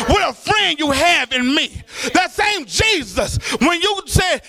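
A middle-aged man, preaching a sermon in a church in an impassioned, sing-song cadence that often rises to shouts. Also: very high-pitched, sing-song, moderate pace, few pauses. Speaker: pastor.

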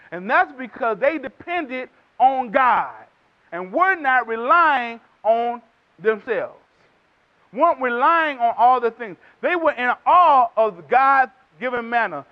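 High-voiced Texan preacher. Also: male voice. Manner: emphatic preaching, acts out quotes in character voices. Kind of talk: sermon. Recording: dull lo-fi recording.

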